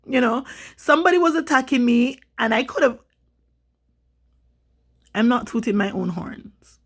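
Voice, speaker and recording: A woman from Jamaica, vlogging in an emotional, rambling way and getting animated when she quotes people. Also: on the high side, creaky, husky. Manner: rambling, upset, animated when quoting others. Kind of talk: emotional personal vlog.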